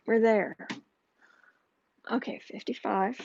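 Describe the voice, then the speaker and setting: Woman, higher pitch, slow unhurried pace, musing livestream chat, many fillers. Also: vocal fry, darkish tone, highs cut off, a little hiss or hum. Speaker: tarot reader hosting a livestream.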